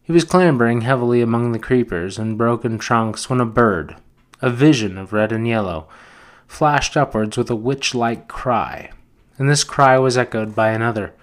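A man, a podcast host, reading a novel aloud in a steady, measured narration. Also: medium pitch. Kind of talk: audiobook narration.

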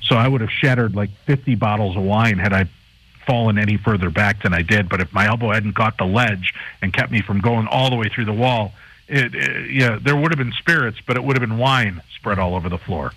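Bright, husky man telling a story. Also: lowish voice, brisk, no room sound, low-quality recording. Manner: animated anecdote teller, acts out the people in his story. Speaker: paranormal TV host and guest. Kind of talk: casual storytelling chat.

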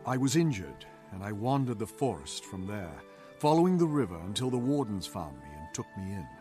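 An actor with an English accent playing a young male sylvari who has lost his memory, speaking in an earnest, measured way in a video game scene. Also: fairly low pitch, sing-song, mellow, faint music behind.

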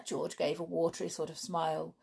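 A woman reading a children's book aloud in measured storybook narration. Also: low voice, level tone, creaky, mellow, slightly rough. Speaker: audiobook narrator.

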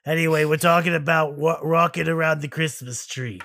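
A man's voice: on the high side, fairly even intonation, a little fast, gravelly, no echo. A man doing a surly, cursing elf. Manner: brash, loud and cursing. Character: grumpy, foul-mouthed laid-off male elf.

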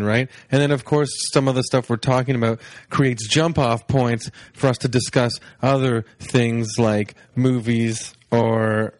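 A man's voice: medium pitch, dry recording. A man hosting a podcast from home, rambling casually with a laid-back, sleepy-sounding delivery and plenty of fillers. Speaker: podcast host. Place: home, on his couch.

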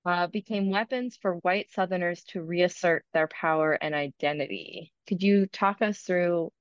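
A woman interviewer asking a guest a measured, composed question. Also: on the low side, clean tone, dry recording. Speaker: podcast interviewer. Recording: dry, muffled remote recording.

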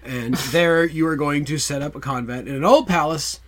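A man's voice: fairly high pitch, moderate pace, a bit bright. A man co-hosting a casual film podcast, joking and playful as he recaps the plot. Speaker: podcast co-host.

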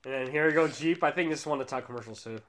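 A man's voice: mid-range voice, rapid-fire, fairly bright tone. A man hosting a laid-back chat about commercials, with loose, trailing sentences. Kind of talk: casual chat reviewing ads.

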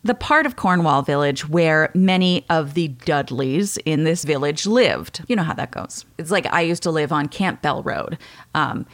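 A woman's voice: low-pitched, animated, measured pace. A woman hosting a podcast, telling a story in a chatty way and laughing often. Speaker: podcast host. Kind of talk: casual storytelling chat.

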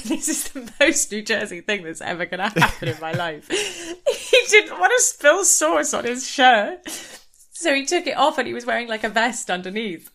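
Bright-voiced chatty woman. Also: mid-range voice. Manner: chatty, quick, laughs often. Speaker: podcast co-host. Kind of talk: casual chat.

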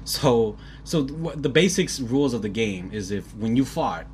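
A man's voice: mid-range voice, animated, moderate pace, darkish tone, slight background noise. A man telling a funny story in casual chat, often laughing and quoting his friends. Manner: laughs a lot, quotes friends in a raised voice.

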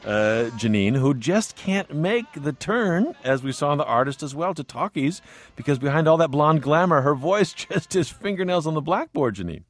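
A man hosting a call-in radio discussion, measured and conversational, prompting his guests. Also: fairly high pitch, expressive. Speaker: radio talk show host.

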